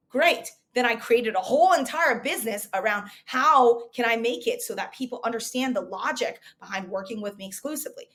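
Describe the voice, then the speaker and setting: A woman in her thirties coaching recruiters in a motivational market update. Her voice sits fairly high, and she talks with energy and emphasis, stacking rhetorical questions to drive each point home.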